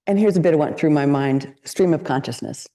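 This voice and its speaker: A woman gives a dharma talk on meditation in a low, warm voice. She speaks quickly, reflectively and candidly, often putting questions to her listeners.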